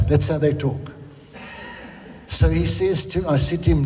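Speaking at a measured pace with a fairly high, somewhat bright voice, a South African pastor gives a sermon that sounds like it's in a big room. His manner is humorous and conversational, full of jokes and wandering tangents.

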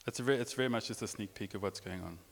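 A man's voice: fairly low pitch, racing, creaky. A man preaching a sermon, telling a personal story with repetitions and rising emotion. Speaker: pastor. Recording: long reverb of a large hall.

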